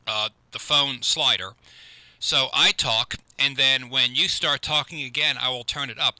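A man's voice: mid-range voice, bright, forceful tone, clear, resonant tone, poor audio. A man hosting a live call-in radio show, talking close to a studio mic, earnest and repeating himself with many restarts. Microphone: close studio microphone.

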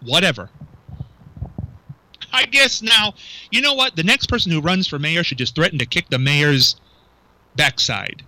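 A man's voice: on the high side, very animated, unhurried, pauses often, pushed and bright, low-quality recording. A male radio talk show host, chatting with his co-host, incredulous and full of rhetorical questions. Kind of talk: local talk radio banter. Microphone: studio microphone.

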